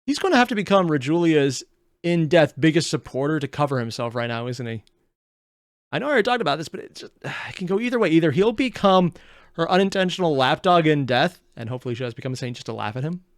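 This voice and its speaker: A man hosting a reaction channel, rambling casually and thinking out loud as he comments. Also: fairly high pitch, big pitch swings, fast talker, no room sound, studio quality. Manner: rambling, thinks aloud with restarts.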